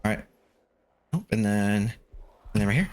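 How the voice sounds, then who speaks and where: A man's voice: lowish voice, lively intonation, moderate pace. A man streaming a game live, talking through it with constant swearing and panicky outbursts. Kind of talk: live gameplay commentary.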